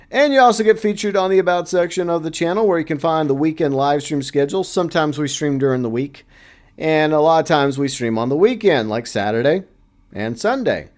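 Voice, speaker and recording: A man's voice: a little high, a little mellow. A man hosting a casual livestream, chatting loosely and reading out viewer comments. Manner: chatty, reads chat aloud, playful asides. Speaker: livestream host.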